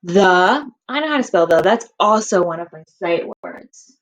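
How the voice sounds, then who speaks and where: A woman's voice: lowish voice, animated, measured pace. A woman teaching a kindergarten writing lesson, stretching out words and sounds for young children.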